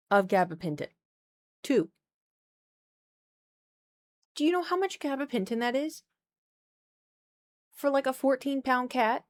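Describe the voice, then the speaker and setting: A young woman talks into a desk microphone at home during a live stream. She tells a story in a chatty, animated way, with quick asides. Now and then she breaks off to talk to her cat. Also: high voice. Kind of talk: casual storytelling to live chat.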